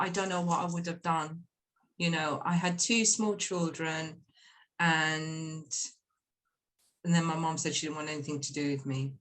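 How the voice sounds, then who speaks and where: A middle-aged woman, candidly telling her life story in a casual chat and slipping into Punjabi phrases when quoting her mother. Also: lowish voice. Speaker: guest volunteer.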